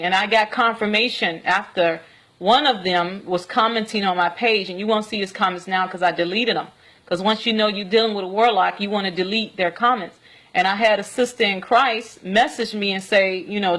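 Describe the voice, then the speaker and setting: A woman telling a personal story in a vlog, earnest and rambling, often pausing to check in with "okay?". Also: medium pitch, a bit bright. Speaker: vlogger.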